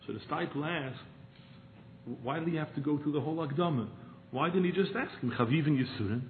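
Brief: male preacher, fervent to hushed, somewhat high voice, tinny phone-line sound with faint hiss. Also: fairly quick, reverberant. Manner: impassioned, swinging from near-shouted pleas to hushed storytelling. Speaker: rabbi giving a talk. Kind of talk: sermon.

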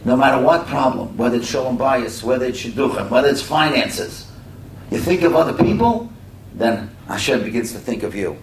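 A man's voice: expressive, moderate pace. A middle-aged man giving a conversational storytelling sermon, full of asides to his listeners. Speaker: speaker at a religious community talk. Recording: echoey room from a distance, faint rumble.

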